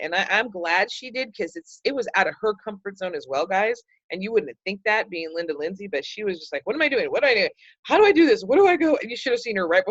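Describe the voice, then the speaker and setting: A chatty, enthusiastic middle-aged woman with a fairly low voice leads a group discussion over a video call. She is heard on dull, slightly muffled audio. The sound is dry and close, with no room echo. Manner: chatty and enthusiastic, with many fillers. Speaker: group leader hosting a book club call. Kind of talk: casual group talk.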